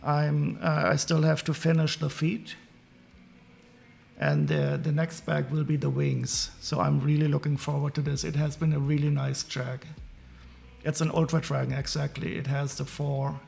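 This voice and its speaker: A man with a German accent, chatting casually on a live stream while building Lego, halting and apologetic with many restarts. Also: on the high side, flat delivery, gravelly, darkish tone, soft background music.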